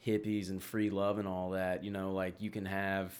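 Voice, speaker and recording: A man's voice: sits low, level tone, moderate pace, smooth. A young man from Tennessee, chatting as a podcast guest. He rambles from thought to thought, swears freely and laughs often. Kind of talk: casual chat.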